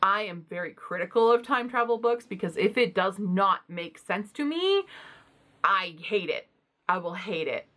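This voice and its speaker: A woman's voice: medium pitch, a bit bright. A woman book vlogger talking casually and bluntly, with self-deprecating asides. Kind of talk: casual book unhaul vlog.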